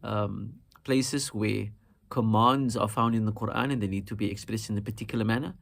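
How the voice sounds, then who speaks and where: Measured man teaching Quran recitation. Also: lowish voice, fairly even intonation, gravelly, fairly bright tone. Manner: measured, deliberate, repeats example words slowly. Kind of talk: calm instructional explanation.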